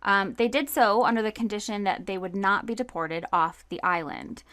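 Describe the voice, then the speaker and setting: A woman hosts a history podcast, moving from read notes into loose chatty asides. Her voice sits at a middle pitch. The sound is dry and close, with no room around it. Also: normal speed, a bit bright, dry recording. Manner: casual, reads notes then riffs with fillers. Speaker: podcast co-host. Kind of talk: conversational history podcast narration.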